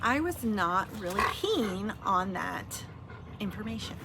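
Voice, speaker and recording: A woman's voice: mid-range voice, very animated, takes it slowly, very noisy. Chatty middle-aged woman telling a story. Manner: chatty storytelling with fillers and acted-out quotes. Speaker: vlogger sharing weight loss tips. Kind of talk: casual heartfelt chat.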